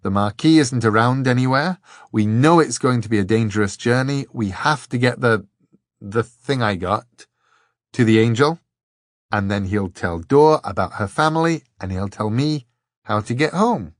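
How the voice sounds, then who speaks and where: A man's voice: mid-range voice, animated, normal speed, no echo, studio quality, close to an everyday voice. A man voicing an earnest, slightly hesitant young man.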